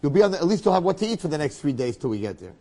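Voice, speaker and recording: A man, a rabbi, telling a story in a talk in an animated way, often checking in with his listeners. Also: a little high, very fast, big-room sound.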